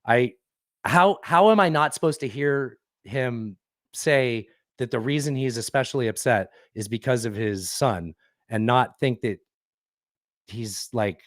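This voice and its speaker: A man's voice: medium pitch, a little slow, dry recording, clean studio sound. A man co-hosting a podcast, rambling and swearing freely as he reads a listener review aloud. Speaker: podcast co-host. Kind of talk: casual podcast banter.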